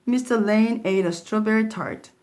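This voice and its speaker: A woman reading a children's storybook aloud in a steady, clear storytelling manner. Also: medium pitch, moderate pace, a little hiss or hum. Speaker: storybook reader.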